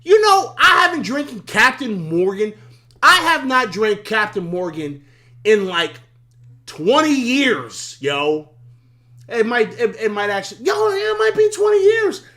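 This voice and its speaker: A man hosting a live sports talk stream, excitable and profane, laughing often and repeating himself, his voice worn from yelling. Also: extremely high pitch, unhurried.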